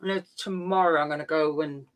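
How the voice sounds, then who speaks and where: A woman's voice: sits low, steady tone, brisk. A woman hosting a casual livestream, rambling and teasing as she chats. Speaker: livestream host. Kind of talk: casual chat.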